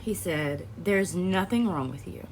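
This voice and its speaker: A young woman talks straight to her viewers in a loose, rambling way, her voice sitting on the low side. She drifts between thoughts, often breaking off into laughs and sighs. A faint hum sits under the recording. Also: expressive, unhurried, darkish tone. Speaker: vlogger. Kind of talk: casual personal storytelling to camera.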